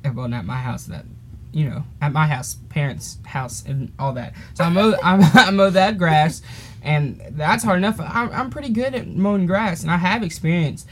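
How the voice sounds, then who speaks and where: A man's voice: on the high side, normal speed, fairly bright tone, a little hiss or hum. A teenage boy casually telling a rambling story on a podcast, laughing often and drifting off topic. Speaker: podcast host.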